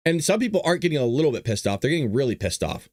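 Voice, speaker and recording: A man hosting a show, giving sarcastic opinion commentary in an animated way. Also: mid-range voice, very fast, no echo. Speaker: show host.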